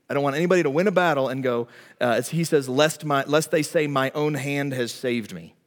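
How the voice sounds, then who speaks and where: Animated preacher in a reverberant hall. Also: male voice, medium pitch, normal speed. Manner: animated, rises and falls between loud emphasis and soft asides. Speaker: pastor. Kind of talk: sermon.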